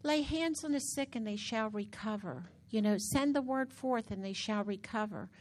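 A woman's voice: on the high side, normal speed. Chatty woman telling a faith story. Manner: chatty, animated storytelling with many restarts. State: recovering from a hand injury. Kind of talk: casual testimony.

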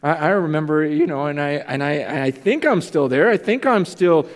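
A man's voice: a little high, lively intonation, moderate pace. A man preaching a sermon as pastor, earnest and confessional, questioning himself aloud. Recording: long reverb in a large hall.

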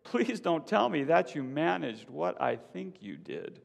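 A man voicing a betrayed woman farmer, shouting angry accusations in a high voice. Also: big pitch swings, unhurried, creaky, heavily acted. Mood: distraught. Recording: long hall reverb.

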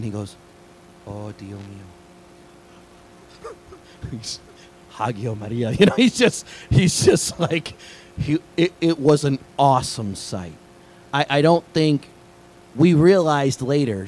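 A middle-aged male pastor preaches at an average pitch, telling stories in a lively way. He drops to hushed asides, then climbs to excited high points. A faint hum sits under the recording. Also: poor audio. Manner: lively storytelling, jumps between hushed asides and excited peaks. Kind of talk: sermon.

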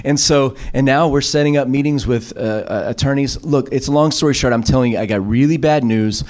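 A middle-aged man preaching a sermon. He tells stories with lots of fillers and restarts. He slips into other voices for the people he quotes, his pitch jumping up for each one. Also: fairly quick. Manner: animated, acts out quoted voices with sudden pitch jumps; storytelling with many fillers and restarts. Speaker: pastor.

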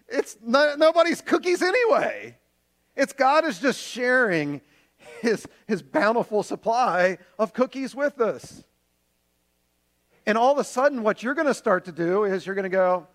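A man's voice: very high voice, expressive, moderate pace. A man preaching a sermon as a pastor, earnest and conversational, using homely examples.

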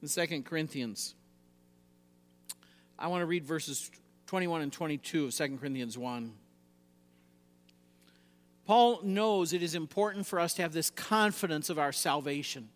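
A man preaching a sermon, emphatic, swinging between loud exhortation and quiet, low passages. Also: normal speed, pauses often, in a large hall.

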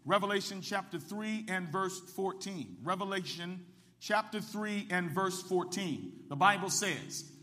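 High, bright-voiced preacher man in a reverberant church. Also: unhurried. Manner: call-and-response preaching, rising to shouts. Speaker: pastor. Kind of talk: sermon. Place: church sanctuary. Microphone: microphone with ring.

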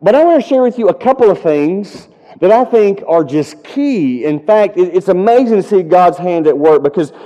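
Pastor preaching in an echoing hall. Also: male voice, high voice, expressive, normal speed, warm tone. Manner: earnest storytelling, rising to impassioned pleading prayers. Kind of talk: sermon. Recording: dull sound with long hall reverb.

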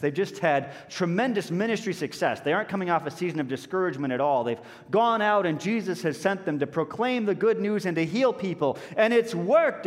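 A man preaching a sermon as a pastor, telling stories with lively, acted-out voices. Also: sits high, in a large hall. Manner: animated storytelling, acting out voices of people in the story.

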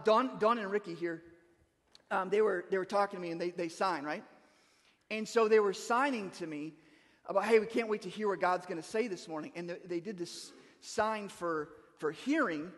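A man with a high voice preaches to his congregation in a conversational way, often restarting and asking "right?". His voice rings with long reverb in a church sanctuary. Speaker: pastor. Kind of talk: sermon.

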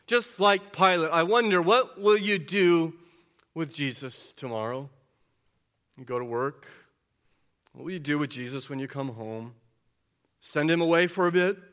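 A male pastor preaches in a bright, forward voice that sits a little high. He leans on rhetorical questions and moves between quiet, hushed passages and loud ones. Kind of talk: sermon.

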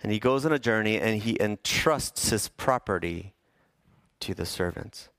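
A man's voice: lowish voice, expressive, unhurried, creaky, fairly bright tone, no room sound. Joking, conversational male pastor. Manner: humorous, conversational, asks the audience questions. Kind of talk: sermon.

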